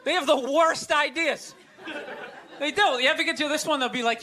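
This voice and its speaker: American comic ranting and cussing on stage, shouty, big echoey theater with a loud crowd. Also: male voice, very high voice, normal speed, noisy background. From United States. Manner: ranting, profane, shouts punchlines. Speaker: stand-up comedian. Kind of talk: stand-up comedy set. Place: theater stage before a live audience.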